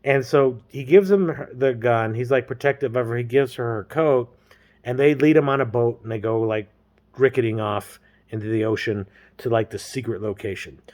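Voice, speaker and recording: A man's voice: mid-range voice, normal speed, darkish tone. Rambling man recapping a novel casually. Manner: rambling, slangy, filler-heavy. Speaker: storyteller.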